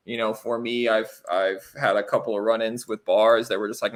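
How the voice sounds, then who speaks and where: A man's voice: on the low side, a little fast. An American man in his thirties, a pro basketball player, telling long casual stories with lots of fillers as an interview guest. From United States. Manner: animated, rambling anecdotes with many fillers. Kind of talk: casual storytelling.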